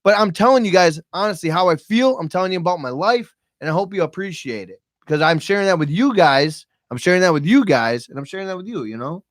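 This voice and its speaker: A man's voice: high voice, animated, fast talker, few pauses, dry recording. A man telling candid stories on a podcast, emotional and profane, speaking straight to his viewers. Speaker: podcast guest. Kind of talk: candid storytelling chat. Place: podcast studio with cameras.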